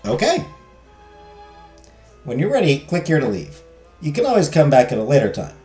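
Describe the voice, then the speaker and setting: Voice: medium pitch, huge pitch swings, moderate pace, warm tone, soft background music. A game streamer reading game text aloud and making joking, self-mocking asides while playing. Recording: roomy echo.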